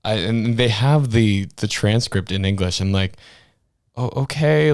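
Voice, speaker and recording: A man's voice: mid-range voice, normal speed, smooth, no room sound, studio quality. A Canadian man co-hosting a podcast in casual political chat, incredulous, laughing, full of "like". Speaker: podcast co-host.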